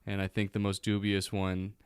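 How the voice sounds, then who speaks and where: A man's voice: low-pitched, completely flat delivery, moderate pace, smooth, dry recording, clean studio sound. A man co-hosting a podcast in casual chat, opinionated and laughing often. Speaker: podcast co-host.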